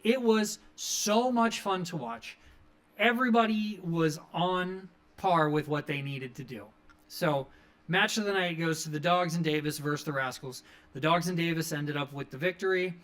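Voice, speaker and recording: A man's voice: on the high side, moderate pace, fairly bright tone. A man hosting a wrestling review show, recapping matches in a rambling, enthusiastic way full of fillers. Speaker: wrestling review podcast host. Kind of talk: casual recap commentary.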